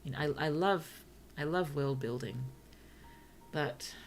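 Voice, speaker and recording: Australian woman streamer, low, gravelly voice, chatty and laughing, faint music behind. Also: measured pace. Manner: musing, chatty, laughs often. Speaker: streamer and writer. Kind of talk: casual livestream chat.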